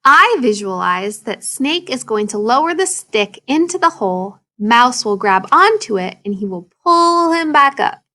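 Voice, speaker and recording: A woman's voice: fairly high pitch, big pitch swings, a little slow, hardly any pauses, pushed and bright. A woman teacher reading a story aloud and explaining it to children in a video lesson.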